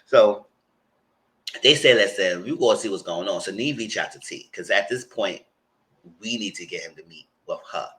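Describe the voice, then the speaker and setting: A man with a New York accent giving a casual, animated recap of a TV episode and acting out what people said. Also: on the low side, normal speed, poor audio. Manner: animated storyteller, acts out quotes. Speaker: TV show reviewer.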